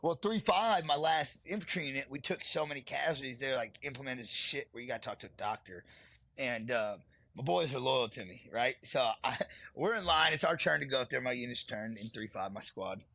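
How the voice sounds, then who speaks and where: Gravelly, forceful man telling blunt stories. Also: medium pitch, expressive, a little fast. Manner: blunt and heavily profane, laughs while telling stories. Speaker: podcast guest, retired Marine sergeant. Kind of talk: candid storytelling interview.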